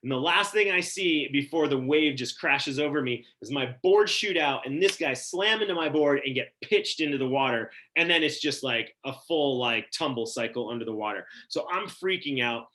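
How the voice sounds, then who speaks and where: A man from Wyoming telling a personal story at a story slam, casual and animated with many "like" fillers. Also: medium pitch, normal speed, hardly any pauses.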